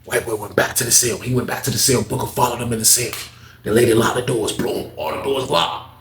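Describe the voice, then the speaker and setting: A man's voice: mid-range voice, steady tone, brisk, gravelly, a bit bright, slight background noise. A young man telling a story in a casual, slangy way, repeating lines for emphasis. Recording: echoey room.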